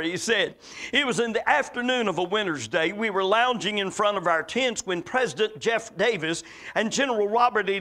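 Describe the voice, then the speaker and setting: A preacher from the American South, with a Southern accent, giving a folksy, emphatic sermon full of stories and quotes. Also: male voice, sits high, sharp tone.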